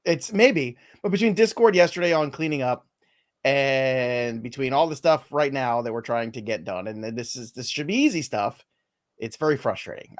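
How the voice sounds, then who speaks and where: A man hosting a live fantasy baseball stream, talking in wry, self-mocking running commentary as he moves through the news. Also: mid-range voice. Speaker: host.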